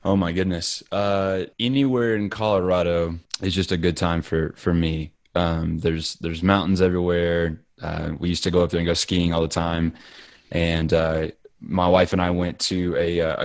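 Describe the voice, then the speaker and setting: A man's voice: sits low, level tone, moderate pace, no room sound, clean studio sound. A man co-hosting a podcast, chatting casually and telling stories in a playful, enthusiastic way. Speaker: podcast co-host. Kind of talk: casual chat.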